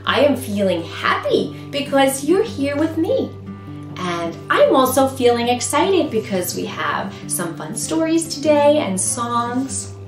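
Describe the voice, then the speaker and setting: Woman children's librarian, high lively sing-song voice, unhurried, roomy room with guitar music. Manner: animated, sing-song, exaggerated expressions. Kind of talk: singing and talking to toddlers.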